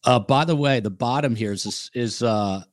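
New York male podcast host, mid-pitch, loose and hesitant, dead-dry room. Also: no room sound. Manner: casual, halting with fillers. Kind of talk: podcast interview.

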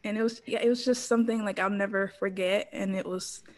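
A woman in her thirties recounts a story in a relaxed interview. She talks in an animated way, laughing often and acting out the quotes of others. Her voice sits at an ordinary middle pitch. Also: fast. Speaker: interview guest, former pro cheerleader.

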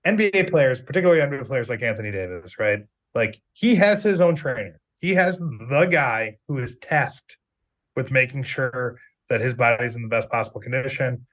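A man's voice: mid-range voice, animated, normal speed, a bit bright. Chatty male sports podcast host. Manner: chatty, jokey, many fillers. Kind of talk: casual sports podcast chat.

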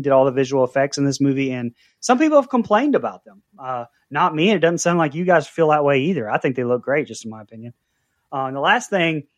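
A man's voice: mid-range voice, dry recording. A man co-hosting a film review podcast, giving casual opinions with hedges and frequent fillers. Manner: hedging, many "uh" fillers. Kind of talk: casual chat.

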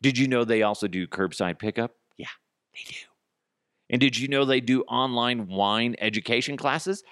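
Speaking at a moderate pace in a mid-range, slightly bright, clear and resonant voice, this man rants alone on his comedy podcast. He's profane and sarcastic, at times playing both parties in an imagined dialogue. The sound is clean studio audio with no room echo.

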